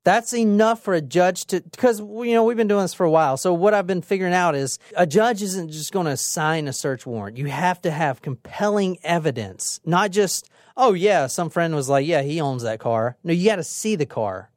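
Animated, profane true crime storyteller. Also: medium pitch, normal speed, few pauses, no room sound, studio quality. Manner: animated, profane, dramatic retelling. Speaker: podcast co-host.

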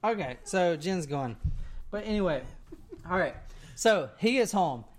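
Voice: medium pitch, lively intonation, unhurried. A person telling a story to friends in a casual, rambling way, with many "like"s and "right?"s.

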